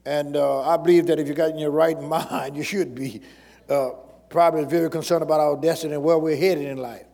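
A man's voice: a little high, fairly even intonation, fairly quick, creaky, darkish tone, in a large hall. A man preaching a sermon as pastor, repeating phrases and calling out questions to the congregation.

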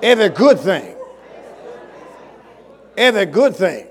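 A man preaching a sermon with emphasis, swinging from loud calls to low, quick asides. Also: sing-song, a faint crowd. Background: congregation.

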